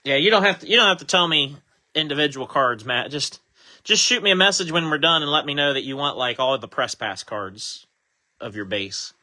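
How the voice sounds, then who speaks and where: Brief: male card-break host, very bright tone, relaxed chatty delivery, reads out card names. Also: a little high, a little fast. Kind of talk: casual live card-break commentary.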